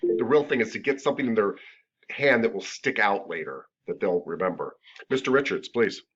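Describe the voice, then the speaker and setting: A man's voice: fairly low pitch, brisk. Middle-aged guy teaching massage class, jokey asides, kinda muffled audio. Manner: chatty, joking, animated asides. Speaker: massage therapy instructor. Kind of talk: classroom lecture.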